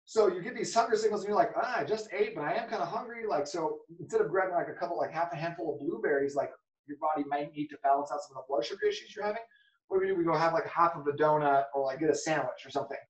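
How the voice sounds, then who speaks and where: A man with a fairly high voice hosts a solo podcast. He talks in a loose, rambling way and keeps dropping in fillers. The room is echoey and he sits a little back from the mic. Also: racing, far from the mic. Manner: casual, rambling, lots of "okay" and "like". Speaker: podcast host.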